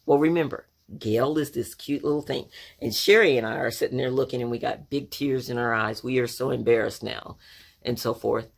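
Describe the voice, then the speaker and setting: A woman's voice: rumbling low, moderate pace, creaky. A woman in her sixties from Oklahoma telling a childhood story in a conversational, reflective way, full of asides. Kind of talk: personal storytelling to camera.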